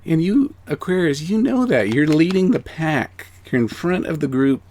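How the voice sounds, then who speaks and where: Over a slight hiss or hum, a man with a fairly high voice delivers a sincere spiritual reading as an angel card reader, speaking at a moderate pace. Emotional and encouraging, he swings from near-whispers to excited emphasis, repeats himself, and keeps checking in with "okay?"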